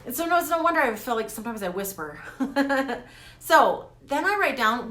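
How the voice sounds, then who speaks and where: A woman talking straight to her viewers in a casual motivational vlog, animated and laughing often. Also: high voice, normal speed. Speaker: coach vlogger. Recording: echoey room.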